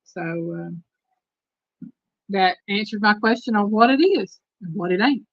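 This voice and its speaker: A woman's voice: medium pitch, lively intonation, a little slow, dry recording, lo-fi sound. A woman with a Southern Texas accent hosting a live stream, chatting casually and reading trivia questions aloud to her viewers. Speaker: host.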